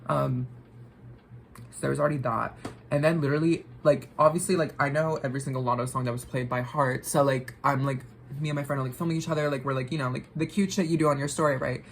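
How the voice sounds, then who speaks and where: A woman's voice: a bass voice, steady tone, fast talker, vocal fry, a little hiss or hum, rough recording. A young woman vlogger telling a story while getting ready, rambling with lots of filler words and swearing.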